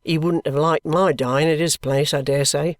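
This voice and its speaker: A reader voicing an idle, touchy young man who speaks in a slow, grumbling way. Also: mid-range voice, fairly even intonation, dry recording, clean studio sound, close to an everyday voice.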